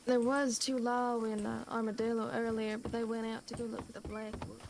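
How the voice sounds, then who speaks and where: Woman, slow put-on posh drawl, noisy game track. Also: fairly high pitch, little pitch movement, gravelly. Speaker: roleplay player. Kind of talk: in-character roleplay chat.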